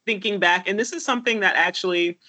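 A woman's voice: mid-range voice, quick pace, sharp tone, no room sound. A woman from Haiti, a podcast co-host, talking candidly and tearfully about her life, with frequent laughs and restarts. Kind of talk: emotional personal conversation.

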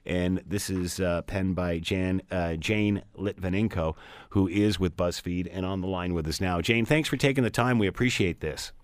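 A man's voice: low voice, steady tone, normal speed, no echo. A man hosting a talk radio show, interviewing guests in a conversational way with fillers and restarts.

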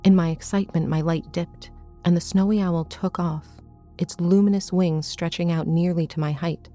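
A woman narrating a first-person horror story in a measured, suspenseful reading. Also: on the low side, fairly even intonation, mellow, soft background music.

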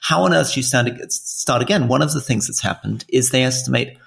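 A man's voice: mid-range voice, animated, fairly quick, creaky, a bit bright. A man in his forties co-hosting a political podcast, explaining things in an earnest, thoughtful way. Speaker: podcast co-host. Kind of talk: casual political chat.

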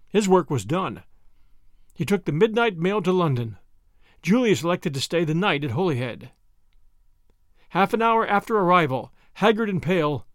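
A man narrating an audiobook in an expressive storytelling delivery. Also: high-pitched, no echo, clean studio sound.

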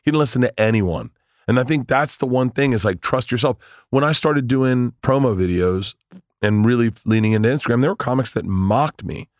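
A man in his forties, a comedian, telling stories in a casual interview, animated and swearing, acting out the voices of people he quotes. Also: medium pitch, brisk, no room sound, clean studio sound. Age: 40s. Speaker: comedian guest.

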